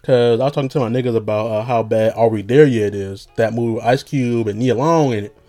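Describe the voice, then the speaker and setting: A man's voice: medium pitch, a little fast, dark tone. A young man rambling casually as a podcast host, loose and slangy with lots of fillers and jokes.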